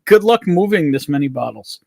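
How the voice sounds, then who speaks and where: Host: New guy, fairly high voice, dry close sound, rambling and profane. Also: lively intonation, fairly quick, creaky, a little mellow, no room sound. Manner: rambling, profane, restarts often. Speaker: stream host. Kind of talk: casual livestream chat.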